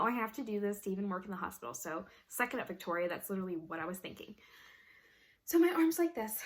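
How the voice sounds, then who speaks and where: A young woman vlogger telling a funny story, animated and laughing often, with lots of "like". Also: fairly high pitch. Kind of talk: casual storytelling vlog.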